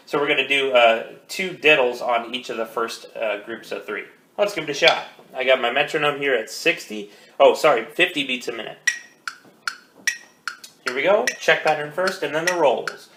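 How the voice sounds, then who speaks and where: A man teaching a drum lesson, counting beats aloud and coaching calmly. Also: medium pitch, moderate pace. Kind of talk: instructional rudiment lesson. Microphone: phone. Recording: echoey room with faint noise.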